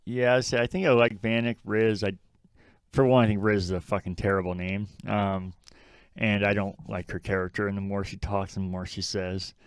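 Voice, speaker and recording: A man's voice: lowish voice, level tone, moderate pace, smooth, no room sound. A man co-hosting a podcast in casual chat, blunt and swearing freely as he mocks lines he quotes. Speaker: podcast co-host.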